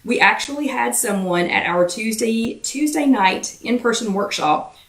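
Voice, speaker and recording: A woman with a Southern US accent hosts a live chat, talking fast and greeting viewers by name, her voice still slightly irritated. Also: a little high, expressive, fairly bright tone, roomy sound, far from the mic. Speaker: host of a live weight-loss chat.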